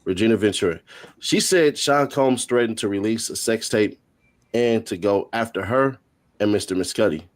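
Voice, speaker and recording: A man hosting a stream, reading courtroom testimony aloud with quick joking asides. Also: on the low side. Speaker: host. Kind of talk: reading court transcript updates.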